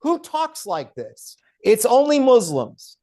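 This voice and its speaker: A man's voice: very high voice, huge pitch swings, slow pace, warm tone. A man speaking as the guest author on a podcast interview, emphatic and argumentative. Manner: emphatic and argumentative, with mocking quoted voices. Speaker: guest author and law professor.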